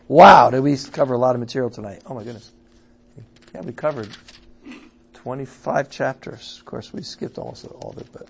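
A man leading an evening Bible study, reading scripture aloud with quiet asides and loud, emphatic passages, often checking in with his listeners. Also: medium pitch, expressive, moderate pace, creaky, a little hiss or hum. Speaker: Bible teacher.

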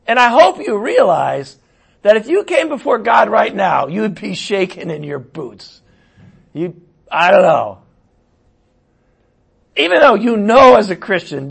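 Husky, gravelly male preacher. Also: fairly high pitch. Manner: conversational, swings between loud exclamations and quiet asides. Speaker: pastor. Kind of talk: sermon.

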